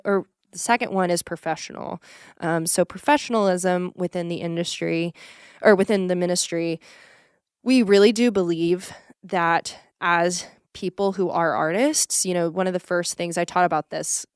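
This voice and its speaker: A young woman from Texas speaks in a casual podcast interview, earnest and animated, filling pauses with ums. Her voice is smooth and clear and sits a little low. The sound is dry and close. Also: dry recording. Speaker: ministry executive director, guest.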